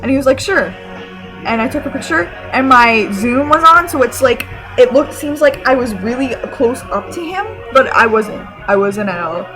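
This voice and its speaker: Excitable rambling woman vlogger, high voice. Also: normal speed, faint music behind, low-quality recording. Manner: excited, rambling, full of fillers and restarts. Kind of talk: casual storytelling to camera.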